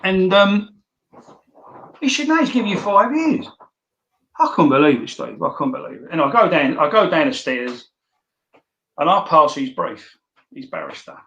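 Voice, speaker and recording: A man's voice: a little high, very animated, normal speed, pauses often, sharp tone, highs cut off. Blunt swearing man telling stories, roomy echo. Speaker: podcast guest. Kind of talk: casual storytelling.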